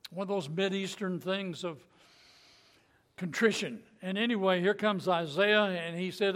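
A man's voice: high-pitched, moderate pace. A man teaching a Bible story in a folksy, conversational way, acting out the quotes and chuckling as he goes. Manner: folksy, animated retelling with acted quotes and chuckles.

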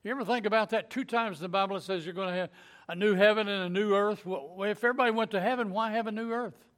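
High-pitched guy preaching, folksy, cracks jokes and chuckles between bible verses. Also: quick pace, fairly bright tone. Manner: folksy, joking asides with chuckles. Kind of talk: sermon.

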